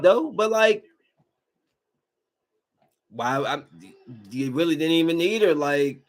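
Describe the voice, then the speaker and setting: A man hosting a podcast, giving a casual, slangy movie review with emphatic rants and quick asides. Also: on the high side, lively intonation. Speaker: podcast host.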